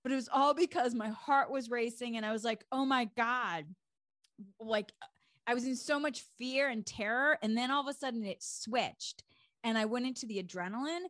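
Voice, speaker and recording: A middle-aged woman tells a personal story on her podcast, her voice sitting a little high. She is lively and a touch breathless, leaning on fillers as she goes. The sound is dry and close, with no room in it. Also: fairly quick, no room sound. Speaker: podcast co-host. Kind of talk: casual storytelling.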